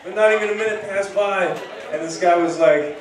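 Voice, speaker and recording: A man's voice: sits high, brisk. A man hosting a comedy night, doing stand-up in a rambling, casual way on a bar stage. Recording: echoey room from far off.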